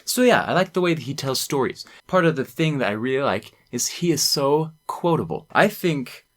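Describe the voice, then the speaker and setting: A man's voice: mid-range voice, lively intonation, normal speed. Enthusiastic young man rambling casually. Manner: enthusiastic, rambling, quoting lines in acted voices. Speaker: student presenter. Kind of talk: casual talk to camera.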